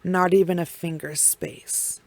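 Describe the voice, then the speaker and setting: A woman telling a true crime case in casual, blunt language full of swearing and heavy pauses. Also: lowish voice, steady tone, gravelly, dry recording.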